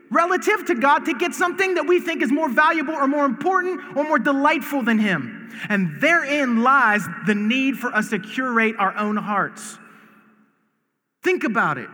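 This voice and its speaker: High-voiced guy preaching, real bright and sharp, long hall echo, repeats himself and gets loud. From United States. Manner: earnest, repeats words, rises to emphatic shouts. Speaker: pastor. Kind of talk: sermon. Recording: long reverb of a large hall.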